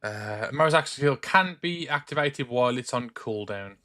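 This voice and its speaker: A man's voice: medium pitch, lively intonation, normal speed, bright, forceful tone, faint music behind. A young man from England's Black Country with an English accent, chatting casually and rambling while streaming a game from home. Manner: rambling, chatty, frequent restarts and filler. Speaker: gaming streamer. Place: home room.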